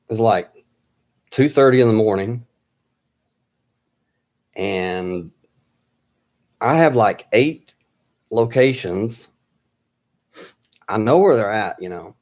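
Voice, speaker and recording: A man telling a personal story in a halting way, pausing often with fillers and restarts. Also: lowish voice, animated, a little mellow.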